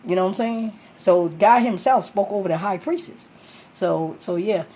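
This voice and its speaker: A woman's voice: medium pitch, moderate pace, mellow. A woman in casual late-night talk about scripture, rambling with many fillers and restarts.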